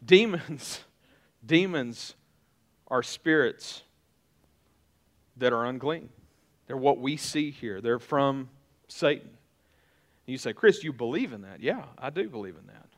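A man's voice: medium pitch, expressive, slow, pauses often. A middle-aged male pastor giving a conversational sermon, often repeating and restarting his phrases.

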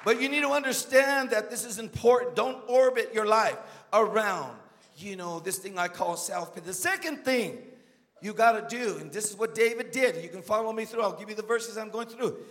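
High-voiced emphatic preacher in a hall. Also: male voice, moderate pace, a bit bright. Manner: emphatic preaching, calls to the congregation. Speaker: guest preacher. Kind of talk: sermon.

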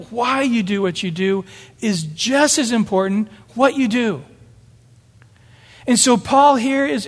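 A man's voice: very high voice, in a large hall. A man preaching a sermon as pastor, earnest and emphatic, often repeating phrases for weight.

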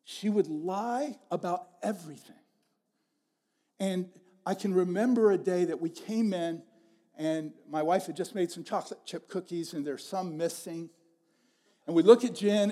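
A man's voice: high-pitched, normal speed, darkish tone. A middle-aged man preaching a sermon as pastor, telling stories in a conversational way and repeating his phrases.

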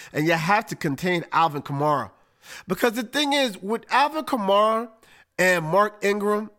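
A man hosting a casual sports talk show, breaking down football matchups in an emphatic, animated way with slang. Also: a little high. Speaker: podcast host.

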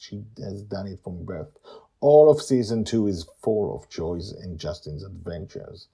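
A man who is the author, narrating his own story in a relaxed, animated way with casual asides. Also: low-pitched, measured pace, vocal fry, breathy edge.

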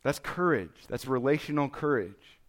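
Pastor, man, 30s; casual conversational sermon delivery, average pitch. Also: expressive, normal speed. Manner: conversational, self-deprecating preaching with frequent "okay?" and "right?".

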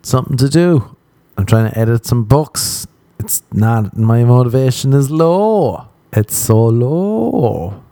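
A man's voice: mid-range voice, warm tone, no room sound. A man hosting a podcast, telling crude, rambling stories and acting out the quotes in a casual comic monologue. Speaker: podcast host.

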